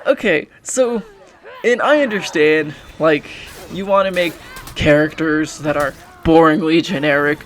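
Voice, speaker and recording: A man's voice: fairly high pitch, unhurried, slight background noise. A young man giving frustrated, profane game commentary as a YouTuber, often restarting his sentences. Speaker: gaming YouTuber.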